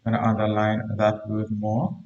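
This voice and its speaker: A man teaches a live online grammar lesson to primary pupils. He reads each sentence aloud, repeats it slowly and explains the corrections while talking to the chat. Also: lowish voice, completely flat delivery, darkish tone, dull audio.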